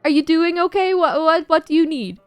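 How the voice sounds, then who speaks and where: A woman's voice: very high voice, brisk, no room sound, faint music behind, pitched above the performer's own voice. A woman imitating a friendly middle-aged salon receptionist on the phone, sweet and eager.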